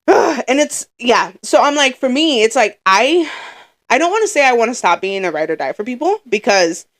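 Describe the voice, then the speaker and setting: A woman's voice: on the high side, big pitch swings, moderate pace. A young woman co-hosting a podcast, talking in a rambling, filler-heavy, emotional way. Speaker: podcast co-host. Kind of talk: casual chat.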